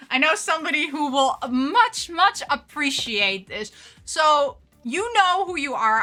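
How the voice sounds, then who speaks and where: Casting: excitable woman vlogger, high and bright, gushing chatter. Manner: excitable and gushing, gasps and laughs often. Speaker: vlogger unboxing anime figures. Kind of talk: casual chat.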